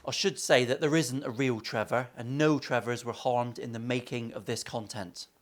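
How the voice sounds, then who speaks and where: An English man talks through a guitar build in his workshop. He rambles in a cheeky way, swears freely and breaks off into crude jokes. His voice sits at a middle pitch. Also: steady tone, normal speed, noisy background. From England. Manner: crude, swearing, joking asides. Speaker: luthier. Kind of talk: workshop vlog banter.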